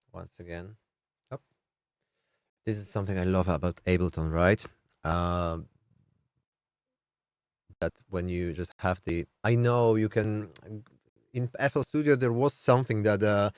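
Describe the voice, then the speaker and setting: A man with a low, nasal, somewhat strained voice, squeezed in the throat, casually explains music production on a live stream. He thinks aloud with lots of fillers, and the sound is clean, echo-free and studio quality.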